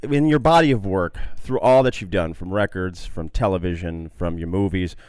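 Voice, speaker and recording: A man's voice: deep voice, moderate pace, darkish tone, smooth, no room sound. A man hosting a live radio show with upbeat, promotional patter before asking a question. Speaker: radio host.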